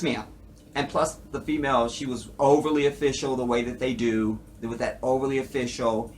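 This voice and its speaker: A man's voice: mid-range voice, slight background noise. Profane man reviewing a TV show. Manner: profane, animated, talks to viewers. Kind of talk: casual commentary.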